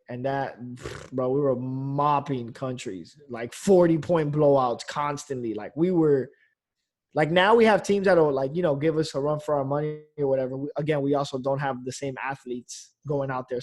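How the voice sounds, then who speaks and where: A man's voice: medium pitch, steady tone, normal speed, a little mellow. A man, a comedian, chatting casually on a podcast in a loose, rambling way, full of fillers and the odd curse. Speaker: comedian guest.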